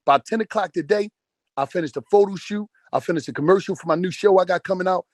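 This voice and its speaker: A man's voice: high voice, fast, a little mellow, dry recording, studio quality. A man in his forties giving a profane, emphatic motivational rant over a phone call, repeating phrases for force. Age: 40s. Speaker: speaker in a group audio call. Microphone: phone on an audio call.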